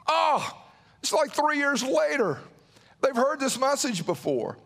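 Male pastor, high voice, dramatic sermon delivery with acted-out quotes. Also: sing-song, unhurried, creaky, fairly bright tone, big-room sound.

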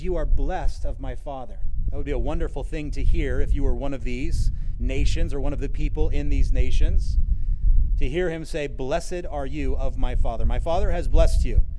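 A man preaching an earnest sermon on scripture, rising and falling in loudness for emphasis, with an occasional wry joke. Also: on the high side, a little hiss or hum.

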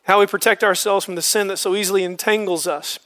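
A man's voice: high-pitched, fairly even intonation, fast talker, sharp tone. A man leading a men's Bible study, explaining scripture earnestly and using homespun examples.

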